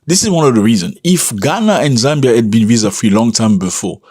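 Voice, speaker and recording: A man speaking English as a second language hosts a casual commentary, his voice husky with a mid-range pitch. He talks emphatically and keeps his delivery animated, with sudden rises in pitch whenever he stresses a point. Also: fairly quick. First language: not English. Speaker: commentary channel host.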